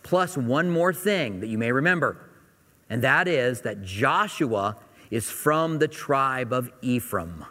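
A man's voice: mid-range voice, lively intonation, slow, pushed and bright. A man preaching a sermon, teaching from the Bible in a conversational, folksy way to his congregation. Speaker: pastor. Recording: long hall reverb.

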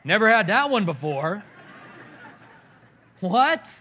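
A man, the pastor, preaching a sermon and telling funny, animated stories to make his point. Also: high voice, moderate pace, dull audio. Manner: animated storytelling with humor.

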